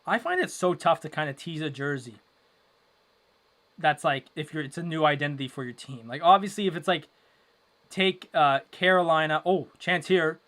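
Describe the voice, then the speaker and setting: A young man hosting a casual live hockey watchalong, rambling with lots of fillers and breaking into loud exasperation. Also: a little high, normal speed. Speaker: livestream watchalong host.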